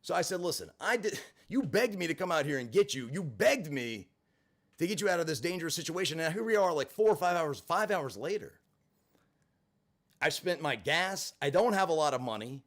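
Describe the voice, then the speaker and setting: Man, vlogger, lively swooping delivery, higher voice, sarcastic, profane storytelling. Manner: expressive, profane, sarcastic asides. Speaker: vlogger telling a personal story. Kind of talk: animated storytelling monologue.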